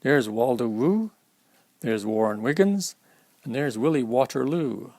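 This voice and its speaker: A man's voice: medium pitch, animated, measured pace, a little mellow, no room sound. A man reading a children's alphabet picture book aloud at storytime, stopping to explain the pictures to young listeners. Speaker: storytime reader.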